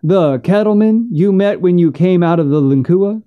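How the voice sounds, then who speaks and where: A man's voice: high voice, normal speed, clear, resonant tone, phone-quality sound, pitched above the performer's own voice, lightly acted. A man doing a stammering frontier townsman. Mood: hesitant. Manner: stammering, hesitant.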